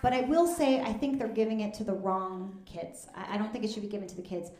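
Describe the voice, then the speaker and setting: A woman, doing a deadpan, conversational stand-up comedy set on stage at a live fundraiser show. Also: mid-range voice, fast talker. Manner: deadpan, conversational, drops into asides. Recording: echoey room with loud audience noise.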